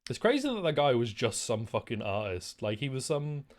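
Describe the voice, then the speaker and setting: A man's voice: medium pitch, very animated, fairly quick. Rambling, profane male streamer. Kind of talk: casual gaming commentary.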